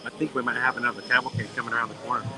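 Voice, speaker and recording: Middle-aged man, casual live-stream storyteller, animated and playful, busy crowd around. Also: mid-range voice, very fast, poor audio. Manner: animated, playful anecdote-telling. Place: outdoors in a busy theme park. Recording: busy crowd noise behind. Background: crowd, park sounds.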